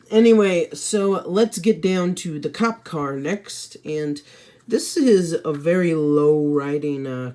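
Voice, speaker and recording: Slow, low-voiced woman reviewing toys. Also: darkish tone. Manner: rambling and hesitant, many fillers and restarts; offhand, self-mocking asides. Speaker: toy set reviewer. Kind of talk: casual product review.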